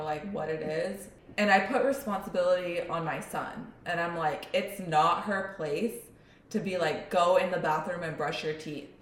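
Animated young mom in an echoey room. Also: female voice, lowish voice. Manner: animated storyteller, acts out her son's whiny voice. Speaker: podcast co-host. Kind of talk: casual chat.

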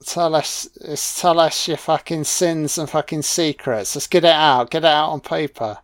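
A man's voice: on the high side, fairly even intonation, moderate pace, no echo, studio quality. A man giving a sarcastic, mocking film commentary rant and swearing constantly.

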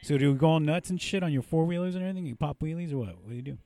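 A man's voice: a little high, rapid-fire, mellow, dry recording. A man hosting a podcast, telling rambling, profane stories in casual chat. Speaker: podcast host.

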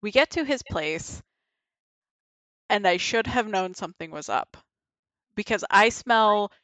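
A woman's voice: medium pitch, lively intonation, a little slow, fairly bright tone, no room sound. A young woman casually telling a frank, laughing story on a podcast, swearing freely and acting out her own reactions. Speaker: guest.

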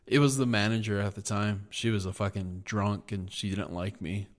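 Podcast co-host, male, lowish voice, loose and profane storyteller in casual chat. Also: fairly even intonation, moderate pace. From United States.

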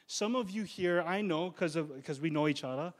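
A male pastor preaching a sermon in a conversational, urgent way, slowing down on key words. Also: fairly high pitch. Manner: conversational preaching, slows down for emphasis.

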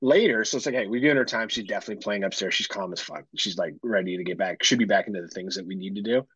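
A man's voice: lowish voice, racing, a bit bright, husky, dry recording, low-quality recording. A man co-hosting a casual podcast, talking bluntly and with profanity, teasing his co-host. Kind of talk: casual chat.

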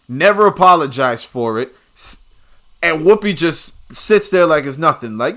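Podcast host, crude combative ranter, bright forceful voice. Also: male voice, on the high side, lively intonation, unhurried. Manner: crude, combative, swearing freely. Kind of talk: profane rant.

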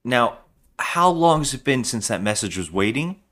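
A man co-hosting a casual podcast, retelling a movie scene by scene with sarcastic, animated commentary. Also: mid-range voice, normal speed. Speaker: podcast co-host. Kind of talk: casual movie review chat.

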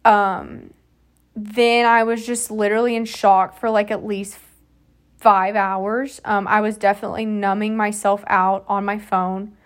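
A woman in her twenties hosting a podcast, telling a personal story in a soft, halting way with many fillers. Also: medium pitch, little pitch movement. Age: 20s. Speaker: podcast host.

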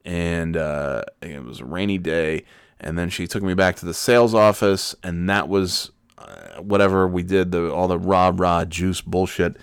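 A man's voice: low voice, unhurried, clean tone, dry recording, clean studio sound. A man telling rambling, sardonic, profane stories in a casual monologue.

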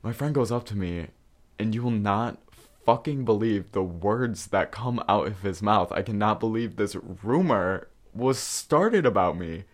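A man's voice: on the low side, expressive, measured pace. A young man hosting a podcast, telling stories from his past in a candid, casual way, swearing freely and using plenty of fillers. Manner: candid and profane, with frequent fillers. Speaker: podcast host. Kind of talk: casual storytelling.

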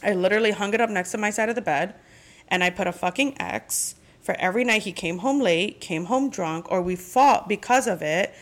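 A woman's voice: medium pitch, fairly quick. A woman hosting her podcast in a casual chat, talking candidly and venting with frequent swearing. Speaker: podcast host.

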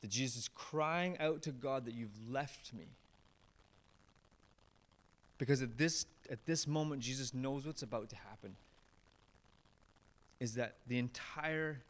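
Male pastor, mid-pitched voice, sermon delivery that swings between emphatic highs and hushed lows. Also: unhurried. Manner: animated storyteller, swings from raised emphatic lines to low hushed ones.

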